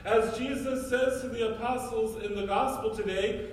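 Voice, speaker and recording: A man's voice: very high-pitched, steady tone, moderate pace. A male priest giving a sermon, preaching emphatically with repeated rhetorical questions. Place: church. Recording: echoey church from far off.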